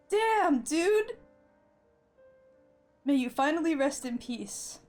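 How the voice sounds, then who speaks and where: A woman's voice: high-pitched, lively intonation, very slow, a little mellow. A young adult woman streaming a video game, crying, laughing and swearing as she talks. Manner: swearing, laughing while teary. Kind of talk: live game-stream commentary. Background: game music.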